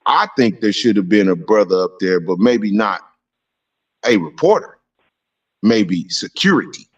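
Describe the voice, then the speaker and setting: A man's voice: lowish voice, a little slow. Opinionated male caller on a muffled line. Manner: steady, opinionated, profane. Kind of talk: call-in opinion. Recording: muffled distant phone line.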